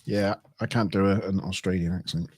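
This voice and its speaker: A man's voice: low-pitched, fairly even intonation, a little fast. A man chatting casually on a livestream as he builds a model kit, thinking aloud, chuckling and correcting himself as he goes. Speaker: streamer.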